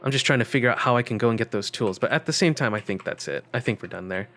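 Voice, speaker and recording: A man's voice: mid-range voice, lively intonation, very fast, fairly bright tone, soft background music. A young man giving casual let's-play commentary, wry and joking as he thinks aloud. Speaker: gaming channel host.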